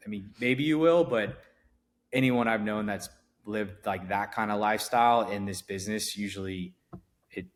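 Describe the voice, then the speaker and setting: A middle-aged man with a lowish voice chats at a moderate pace as a podcast guest. He founded an event company, and in this casual interview he rambles, restarting often and filling gaps with fillers.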